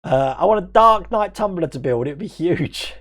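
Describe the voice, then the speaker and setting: Live stream host, male, mixed Australian-English accent, fairly high voice, chatty and quick, laughs a lot. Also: expressive, a bit bright. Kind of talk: casual live stream chat, reading viewer comments.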